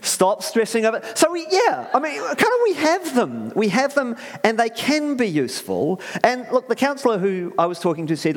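Male preacher, casual and rambling with a very animated delivery; echoing church hall. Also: very high voice, normal speed, few pauses. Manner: rambling, chatty, many fillers and restarts, asks the audience questions. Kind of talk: conversational sermon.

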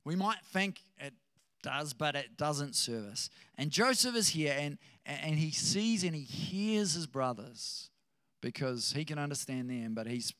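A man preaching a sermon in a conversational, animated way, with chuckling asides to his listeners. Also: fairly high pitch, a little slow, no room sound, studio quality.

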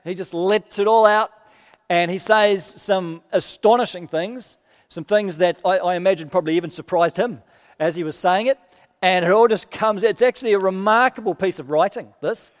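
Man preaching, high voice, conversational then impassioned, long hall reverb. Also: moderate pace. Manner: conversational, builds to impassioned emphasis. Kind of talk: sermon with scripture reading.

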